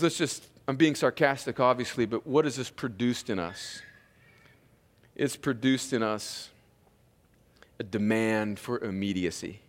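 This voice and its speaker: A pastor from Southern California preaching an earnest, conversational sermon that often turns to his listeners as friends. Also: on the low side. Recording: long reverb of a large hall.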